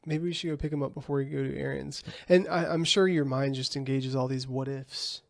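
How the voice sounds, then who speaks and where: A man with a gravelly, mid-pitched voice hosts an interview, asking gentle and attentive questions. His voice sounds dry and close. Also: fairly even intonation, fairly quick, no echo. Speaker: host, life coach.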